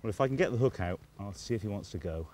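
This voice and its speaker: Male outdoor presenter, lowish voice, eager and admiring, riverbank with faint background sound. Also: expressive, rapid-fire, background noise. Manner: enthusiastic, admiring, talking half to himself. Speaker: fly fishing instructor and show presenter. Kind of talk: casual outdoor presenting to camera.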